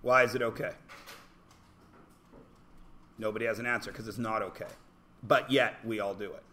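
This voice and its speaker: A man's voice: lowish voice, fairly even intonation, moderate pace, bright, forceful tone. A man teaching a class, blunt and provocative, talking over his students. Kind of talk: classroom lecture.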